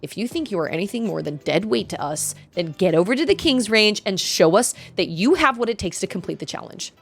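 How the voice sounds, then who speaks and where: A woman's voice: mid-range voice, lively intonation, fairly quick, gravelly, faint music behind. Woman putting on a boastful snobby knight. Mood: haughty. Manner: haughty, sneering. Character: boastful, snobbish young knight guild member.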